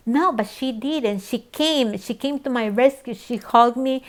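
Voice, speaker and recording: A woman's voice: a little high, a little slow, few pauses. Earnest middle-aged woman telling her story. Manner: emotional, repetitive, earnest. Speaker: church member sharing her story. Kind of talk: personal testimony.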